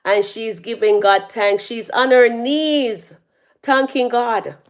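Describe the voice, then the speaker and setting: A woman doing casual live-stream commentary on her phone. She chats with her viewers, reads out their comments and breaks into loud laughs. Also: on the high side, slow. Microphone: phone held at arm's length.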